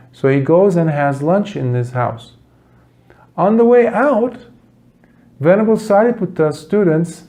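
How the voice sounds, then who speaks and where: Slow, gravelly-voiced male dharma teacher. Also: fairly high pitch, darkish tone. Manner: earnest, with dramatic pauses and restarts. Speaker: Buddhist teacher. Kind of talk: dharma talk storytelling.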